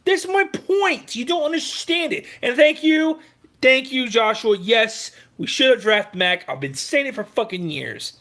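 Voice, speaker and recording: A man tears into his critics in a heated, profane sports rant. His voice sits high for a man. He snaps back at his commenters and refuses to give ground. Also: expressive, measured pace, pushed and bright.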